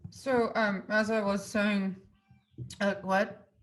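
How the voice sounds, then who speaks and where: A frazzled woman stuck in back-to-back video meetings pleads and fumbles for words, as a woman acts her out. Her voice sits at a middle pitch. She sounds flustered and worn down. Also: flat delivery, slow, close to an everyday voice. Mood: confused.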